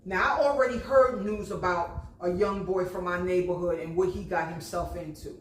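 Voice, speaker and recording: A woman's voice: lowish voice, steady tone, normal speed, slight background noise. Blunt, emphatic woman over fifty delivering a vlog lecture; roomy echo, light ambience. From New Jersey. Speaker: vlogger. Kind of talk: casual monologue. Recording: echoey room with faint ambience.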